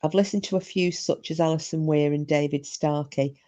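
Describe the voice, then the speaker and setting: A woman's voice: sits low, steady tone, normal speed, dark tone. A woman hosting a live stream, chatting casually and rambling, with frequent restarts. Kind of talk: casual chat.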